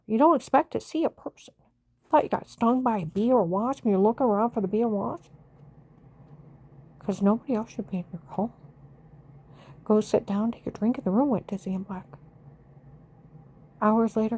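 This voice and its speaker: An older woman with a medium-pitched, dark voice tells her personal story on her vlog, with slight background noise in the recording. She speaks with intense urgency, and her account wanders as she recounts her experiences.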